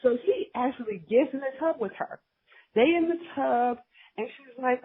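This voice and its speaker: A woman's voice: a little high, normal speed, breathy edge. A woman co-hosting a podcast, recapping a drama in casual, gossipy storytelling and acting out the characters' lines. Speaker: podcast co-host. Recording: tinny phone line.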